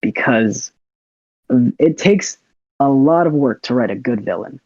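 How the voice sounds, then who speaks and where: A man's voice: mid-range voice, animated, a little slow, a little mellow, dry recording. A laid-back young man from the United States, talking easily as a podcast guest and laughing now and then. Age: young adult. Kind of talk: casual conversation. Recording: dull lo-fi dry audio.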